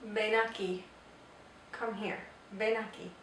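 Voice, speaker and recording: A woman teaching a grammar lesson, explaining step by step and repeating example phrases slowly. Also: mid-range voice, little pitch movement, fairly bright tone, a little hiss or hum. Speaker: Spanish teacher. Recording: echoey room, voice from far off.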